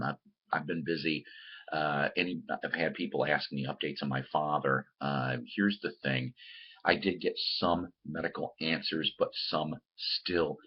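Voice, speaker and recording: A man with a very deep, husky voice talks casually to his viewers from a room at home, wandering from point to point and restarting his sentences. The sound is dull and lo-fi, like a simple home recording. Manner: rambling, repeats words and restarts, addresses viewers as guys. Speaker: host of a record-collecting show. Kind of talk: casual chatty monologue to viewers.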